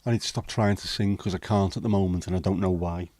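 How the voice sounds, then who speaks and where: In a deep, warm voice with a steady tone, a middle-aged host talks fast through a casual livestream. He reads viewers' comments and answers them bluntly, swearing without restraint; no room sound is audible.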